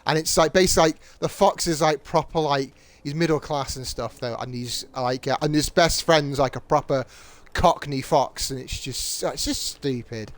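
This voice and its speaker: A man's voice: on the high side, normal speed, no echo. A man with a British accent chatting casually while gaming, rambling with many fillers and restarts. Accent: British English. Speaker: streamer.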